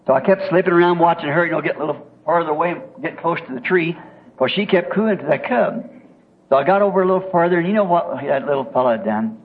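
At a church meeting, a preacher with a Southern American accent tells a folksy, homespun story in his sermon, chuckling along the way. His voice is a little high, quick-paced, and lively in intonation, captured on a tinny, lo-fi old tape with faint hiss.

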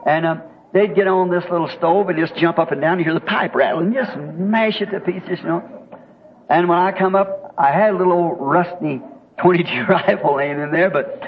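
A man with a Southern American accent, telling a folksy, homespun story in a sermon, chuckling as he goes. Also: fairly high pitch. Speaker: preacher. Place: church meeting. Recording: tinny lo-fi old tape with faint hiss.

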